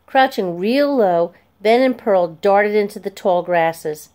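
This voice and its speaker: A woman narrating a children's chapter book aloud in a clear, steady storytelling voice. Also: mid-range voice, slow pace.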